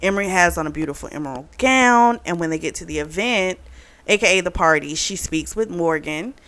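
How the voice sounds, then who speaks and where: A woman's voice: fairly low pitch, lively intonation, brisk, a bit bright. A woman casually recapping a romance novel for her book channel, chatty and full of fillers. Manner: chatty, retells plot with many fillers. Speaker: book reviewer.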